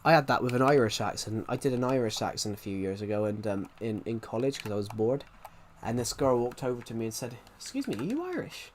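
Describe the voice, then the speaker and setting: A man's voice: mid-range voice, a little hiss or hum. A young man chatting casually on a live stream while gaming, rambling and restarting his sentences. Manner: rambling, halting, many restarts.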